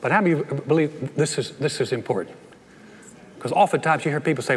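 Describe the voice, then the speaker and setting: A man preaching a sermon as pastor, animated and acting out playful voices. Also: a little high, quick pace. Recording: long reverb of a large hall.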